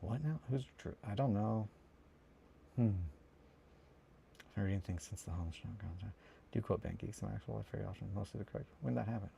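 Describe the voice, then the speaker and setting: A man's voice: lowish voice, brisk, gravelly, pauses often, slight background noise. A man chatting casually on a livestream while doing a hobby, rambling and answering chat. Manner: rambling, animated, breaks into quoted cartoon lines. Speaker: streamer.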